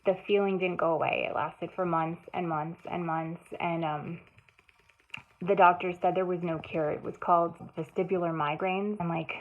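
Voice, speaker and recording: Woman in her thirties, heartfelt first-person storyteller with a halting delivery and a thin, lo-fi sound. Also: fairly low pitch, steady tone. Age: 30s. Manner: emotional, halting, many restarts and fillers. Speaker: author telling her story. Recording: tinny phone-like sound.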